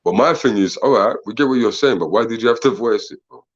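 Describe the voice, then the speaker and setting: A man, co-hosting a casual podcast chat. He talks in an animated way, fires off questions, laughs often and keeps saying "bro" and "man". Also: mid-range voice, fast, dull audio. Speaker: podcast co-host.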